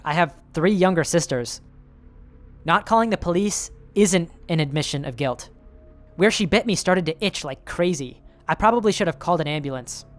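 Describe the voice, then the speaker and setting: A man reading a horror story aloud in the first person, in a nervous, self-justifying telling. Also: fairly high pitch. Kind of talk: scripted horror story narration.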